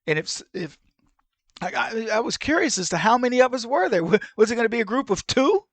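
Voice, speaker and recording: A middle-aged man with a notably high voice for a man, hosting his own commentary show. He tells stories in an animated way, slipping into the voices of the people he quotes. The sound is dry and close, with no room around him. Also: fast, no echo. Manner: animated storyteller who acts out the people he quotes. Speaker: podcast host. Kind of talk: opinion commentary.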